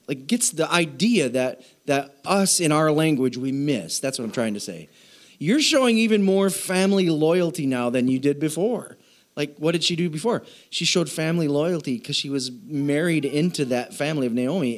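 Joking, animated man preaching a sermon. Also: fairly high pitch. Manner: casual, joking, animated storytelling. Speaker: pastor.

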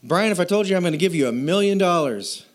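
A man delivers a sermon in a fairly high voice. He keeps it loose and chatty, laughs at his own asides, and puts questions to his listeners. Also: animated, quick pace. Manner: asks the audience questions. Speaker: pastor.

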